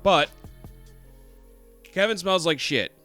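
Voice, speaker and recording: A man co-hosting a casual podcast, telling a profane, animated story and throwing in mocking impressions. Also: on the high side, slow pace, faint music behind. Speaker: podcast co-host. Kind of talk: casual trash-talk chat.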